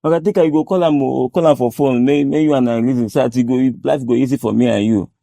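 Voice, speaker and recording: A man's voice: mid-range voice, fast, creaky, mellow, no room sound, lightly acted. An actor playing an anxious gateman who pleads in rambling Nigerian Pidgin, with a Nigerian accent. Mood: pleading. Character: anxious male gateman pleading to keep his job.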